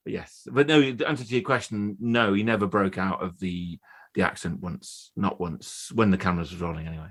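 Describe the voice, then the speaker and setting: A man in his fifties, a guest actor telling stories in a chatty, animated way on a casual podcast. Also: low-pitched, normal speed. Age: 50s. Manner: chatty, animated storyteller with many restarts.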